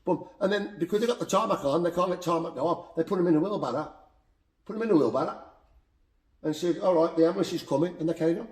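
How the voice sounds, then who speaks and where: A boxing coach with a Black Country accent, telling heartfelt stories in an animated, repetitive way as a podcast guest. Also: male voice, sits high, quick pace. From Black Country, England. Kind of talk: emotional storytelling in conversation. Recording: roomy echo.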